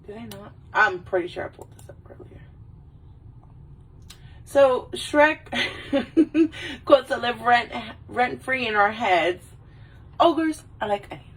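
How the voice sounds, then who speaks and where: A tipsy woman rambles and swears cheerfully with a husky, slightly breathy voice. She sits a little back from the microphone, so she sounds distant. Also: fairly high pitch, fairly bright tone. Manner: rambling, swears a lot, does quick silly movie voices. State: a little drunk. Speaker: vlogger. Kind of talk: casual tipsy chat.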